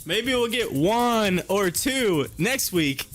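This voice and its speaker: Giggling high-voiced man on a stream. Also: expressive, slow, a bit bright, faint music behind. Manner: laughs helplessly, reads chat aloud. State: laughing to tears. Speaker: live stream host. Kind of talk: casual live-stream chat.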